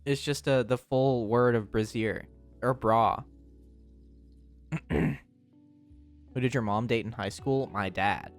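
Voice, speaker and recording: A young man streaming and chatting casually with his live chat, teasing and often breaking into high, squealing laughs. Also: takes it slowly, pauses often, faint music behind.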